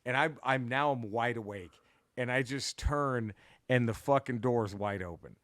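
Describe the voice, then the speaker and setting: A man of middle pitch tells a long story in loose, profane chat, stumbling over restarts and sinking to a hushed tone when it gets tense. His voice sits close and dry, with no room sound around it. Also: moderate pace, no room sound. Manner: profane, rambling, animated retelling with restarts. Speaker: podcast co-host. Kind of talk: casual storytelling.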